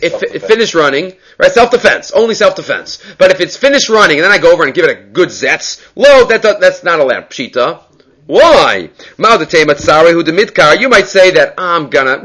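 A man teaching a Talmud lesson, reading Aramaic lines and explaining them in lively English. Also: on the high side.

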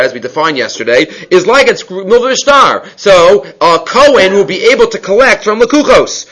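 A man's voice: high-pitched, a bit bright. Man teaching a Talmud class. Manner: explains text step by step, mixing Hebrew-Aramaic terms into English; asks rhetorical questions, restarts phrases.

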